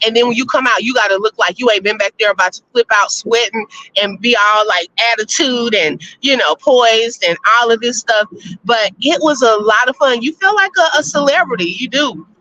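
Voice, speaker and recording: A woman hosting a casual live-stream chat, reading viewer votes and telling stories, animated and laughing often. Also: on the high side, normal speed. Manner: chatty, animated, laughs often, addresses listeners as y'all. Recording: slightly muffled lo-fi audio.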